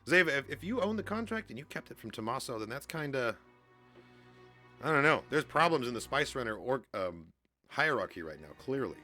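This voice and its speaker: A man hosting a comic readalong and reacting to what he reads, excitable and chatty. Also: mid-range voice, brisk, soft background music.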